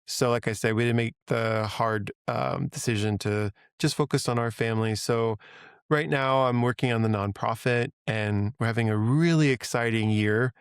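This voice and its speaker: A man's voice: mid-range voice, fairly even intonation, moderate pace, smooth, dry recording, studio quality. A middle-aged man speaking as a guest in a casual podcast interview, earnest and chatty, laughing easily.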